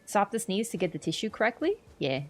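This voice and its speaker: A woman's voice: medium pitch, very animated, quick pace, soft background music. A young woman streaming a game, chatting casually and answering her chat in a playful way.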